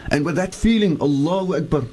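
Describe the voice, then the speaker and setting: A man's voice: a little high, a little fast, warm tone. A man, a religious scholar on a radio show, speaking earnestly and repeating phrases for emphasis as he teaches and leads remembrance. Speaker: Islamic scholar answering listeners on radio. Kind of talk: radio talk on faith, leading remembrance.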